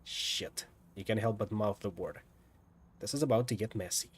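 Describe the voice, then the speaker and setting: A man streaming a visual novel, reading the story aloud with lively, lightly dramatic narration and casual asides. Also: lowish voice, a little fast, slightly rough.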